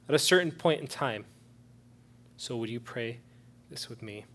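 A man preaching as a pastor, earnestly urging and then leading a prayer, moving from soft, low prayer to loud pleading. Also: normal speed, vocal fry, long pauses, husky. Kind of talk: sermon with altar-call prayer.

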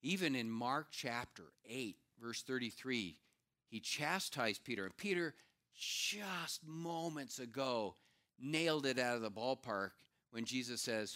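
A middle-aged man delivers a sermon with a mid-range voice that moves a lot. He pushes up loud and high on key points, then sinks to a low, hushed tone for asides. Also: a little slow. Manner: animated preaching, swinging from raised emphatic lines to low quiet asides. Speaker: pastor.

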